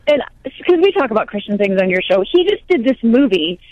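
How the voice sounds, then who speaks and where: A woman comedian chatting on a radio show, telling quick self-mocking stories. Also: on the high side, very animated, lo-fi sound. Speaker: comedian correspondent. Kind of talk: casual comic radio chat.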